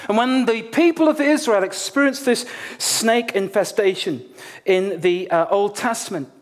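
Guy preaching, fairly high voice, animated and jokey, talks right to the crowd like he's telling a story. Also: measured pace. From Nigeria. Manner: animated, humorous storyteller addressing a congregation. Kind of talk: sermon with personal storytelling.

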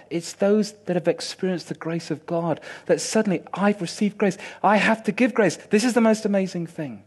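A male preacher delivering a sermon, swinging between hushed, intimate passages and loud, impassioned outbursts. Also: sits high, lively intonation, moderate pace, hardly any pauses.

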